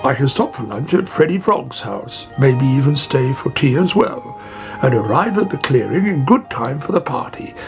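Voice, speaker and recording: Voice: medium pitch, lively intonation, normal speed, gravelly. Narrator doing a greedy grumbling fat toad. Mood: planning. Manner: grumbling, puffing. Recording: music playing behind.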